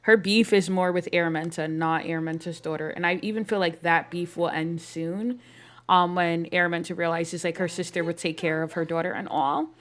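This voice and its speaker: A woman's voice: fairly low pitch, steady tone, brisk. A woman giving casual, rambling commentary on a life-sim playthrough, with lots of fillers and playfully exasperated asides to her characters. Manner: chatty, rambling, filler-heavy with frequent "um" and "like". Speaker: game streamer narrating a life-sim playthrough.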